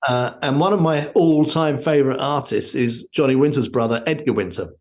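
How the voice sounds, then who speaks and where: A man's voice: mid-range voice, brisk. A man guesting on an interview show, chatting casually and telling rambling stories with many fillers. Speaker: guest musician.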